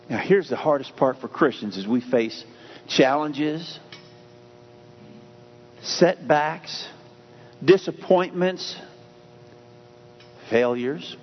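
Lively, emphatic male preacher. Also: on the high side, slow, pauses often. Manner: emphatic, repeats phrases with shifting stress. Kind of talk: sermon. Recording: dull lo-fi sound with faint hum.

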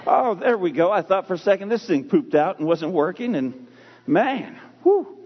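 A man preaches to his church in a high, husky voice, pressing each point with pauses and repetition. The recording is dull and lo-fi, and a long reverb trails through the sanctuary. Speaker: pastor. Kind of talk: sermon. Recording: muffled lo-fi sound in a reverberant hall.

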